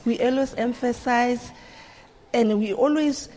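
A woman's voice: a little high, a little slow, warm tone. A woman teacher answering earnestly on a panel, repeating words to stress her points. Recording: reverberant room with faint noise.

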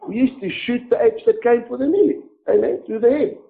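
A man's voice: very high voice, fairly quick, gravelly. A middle-aged man preaching a sermon in a sarcastic, mocking, theatrical way. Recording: narrow tinny phone-like sound.

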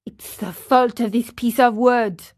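A woman plays a grumbling old carpenter in a storybook, surly and stubborn in every denial. He speaks slowly and a little high. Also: fairly even intonation. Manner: surly, denying.

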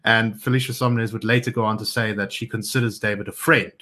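A man's voice: on the low side, steady tone, a little fast, sharp tone. A man co-hosting a casual chat, telling a story and filling his sentences with "kinda" and "like". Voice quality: filler-heavy, "kinda" and "like". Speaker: podcast co-host.

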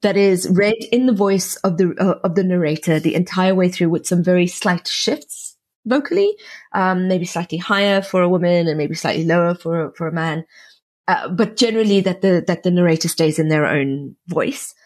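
A woman actress from South Africa, talking about her craft in a relaxed interview. Her voice sits a little low and has a husky edge. She speaks in an animated, chatty way, full of quick restarts. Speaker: audiobook narrator and actress. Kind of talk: conversational interview.

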